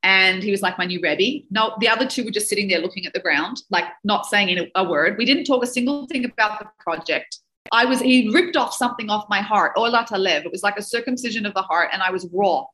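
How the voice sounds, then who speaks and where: Woman, dating coach, bright tense tone, emotional storytelling, Hebrew and Yiddish words, interview. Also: medium pitch, fast talker, poor audio. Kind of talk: personal storytelling in a podcast interview.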